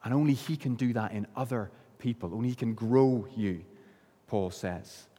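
A man from Northern Ireland preaching a sermon, earnest, slowing and dropping low on key phrases. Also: warm tone. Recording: long hall reverb.

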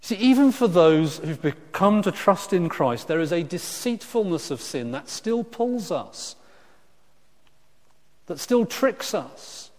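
A man preaches a sermon in an easy, conversational way, often restarting phrases and slipping into lively asides. His voice sits in a middle register. Long hall reverb trails after his words. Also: high voice, slow.

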